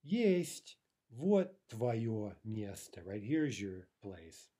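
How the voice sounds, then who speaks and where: A man gives a recorded language lesson in a relaxed, warm voice. He explains each example patiently and often pauses to ask "right?" before moving on. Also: fairly low pitch. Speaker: language teacher.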